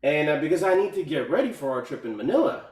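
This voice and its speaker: Male caller on a video call, halting speech, echoey and off-mic. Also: a little high, sing-song, a little mellow. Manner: halting, many fillers and restarts. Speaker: community call participant. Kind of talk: casual testimonial. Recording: echoey room, far from mic.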